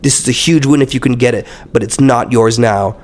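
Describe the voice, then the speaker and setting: Lively young man telling a story. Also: medium pitch, fairly quick. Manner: animated storyteller who acts out quotes with lots of swearing. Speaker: startup founder, podcast guest. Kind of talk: casual interview chat.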